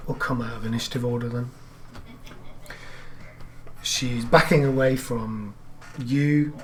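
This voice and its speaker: A man narrating as game master in a tabletop role-playing game, describing the scene in quick, plain words. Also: mid-range voice, fairly even intonation, a little hiss or hum.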